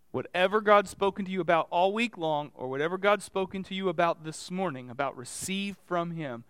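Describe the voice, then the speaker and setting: Male pastor, conversational sermon, smooth voice on the higher side, dry close sound. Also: fairly bright tone, no echo. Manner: conversational, asks the congregation direct questions.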